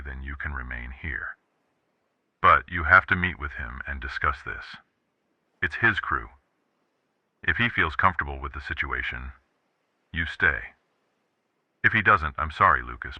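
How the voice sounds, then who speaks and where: A man puts on a very deep, measured voice for a calm and firm boss talking on the phone in an audiobook. The sound is dull and muffled, like a phone line, with a dry, close feel. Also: no echo. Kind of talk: audiobook character voice.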